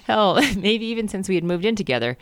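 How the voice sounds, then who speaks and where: A man's voice: high-pitched, lively intonation, quick pace, a bit bright, slight background noise. A man co-hosting a comedy podcast, reading a book aloud and riffing on it in a jokey, laughing way. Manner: jokey, reads passages then riffs with laughter.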